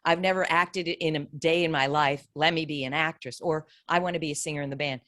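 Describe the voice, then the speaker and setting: A woman podcast host and career coach speaks with a low voice and a lot of conviction, stacking her points one after another. Her sound is close and dry, with almost no room around it. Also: steady tone, brisk, a bit bright, dry recording. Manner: enthusiastic, emphatic, builds points in lists. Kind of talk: interview conversation.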